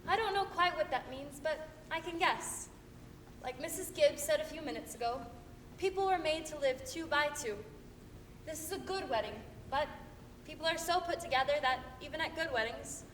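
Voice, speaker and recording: A woman's voice: sits high, expressive, moderate pace, fairly bright tone, slight background noise. A woman playing a folksy, wry stage manager who narrates a live stage play, talking plainly to the audience. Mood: musing. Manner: dry, chatty and plainspoken to the audience. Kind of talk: live amateur stage acting. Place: theater stage. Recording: echoey hall from far off.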